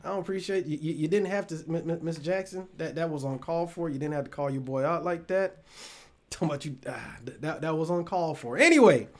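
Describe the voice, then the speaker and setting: A man with a somewhat high voice talks fast as he hosts a relationship talk show, addressing his live-stream audience directly in a loose chat full of swearing, frequent laughter, and unfinished thoughts.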